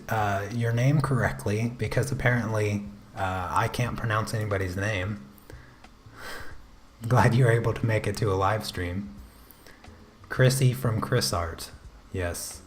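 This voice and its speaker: An American man hosting an art livestream, chatting casually with viewers while drawing, halting and full of fillers as he answers comments. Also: fairly low pitch, a little hiss or hum. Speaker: art channel host.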